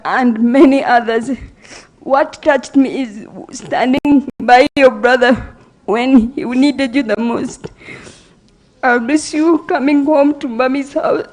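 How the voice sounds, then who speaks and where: A grieving woman giving a halting, emotional eulogy for her brother. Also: sits high, darkish tone. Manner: emotional, halting, voice breaking at times. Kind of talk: funeral eulogy.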